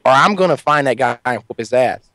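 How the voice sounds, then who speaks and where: A man's voice: medium pitch, lively intonation, fairly quick, sharp tone, no room sound, rough recording. A furious redneck dad on a prank call, as a man puts him on, hurling blustering, folksy threats. The voice sits in a middle register and sounds close and dry, with no room around it. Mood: threatening. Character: threatening redneck prank caller, angry father.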